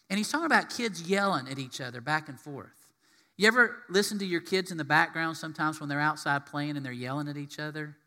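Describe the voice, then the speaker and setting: Bright-voiced man preaching a sermon. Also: on the high side, in a large hall. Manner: animated, acts out quotes in voices. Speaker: pastor.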